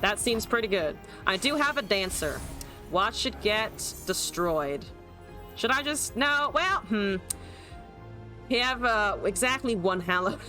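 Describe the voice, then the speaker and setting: A woman's voice: mid-range voice, unhurried. A young adult woman giving live commentary on her card game, swearing, laughing and answering chat as she plays. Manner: animated, swears and laughs, reads chat aloud. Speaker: streamer. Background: faint music.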